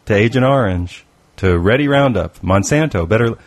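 A man's voice: fairly low pitch, expressive, moderate pace. A man filling in as co-host on a radio talk show, joking and playful in casual banter. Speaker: guest co-host.

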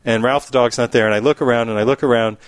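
A man's voice: mid-range voice, fairly even intonation, fast talker, no room sound. Guy co-hosting a chat show, rambles through jokes, medium voice, dead dry sound. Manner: rambling storyteller, laughs often. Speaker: co-host. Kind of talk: casual chat.

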